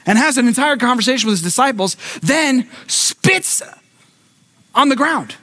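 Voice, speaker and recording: A man pastor preaching a sermon, telling a story with lively acted-out voices and frequent restarts. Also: very high-pitched, moderate pace. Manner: animated storytelling, acting out voices; repeats words when starting thoughts.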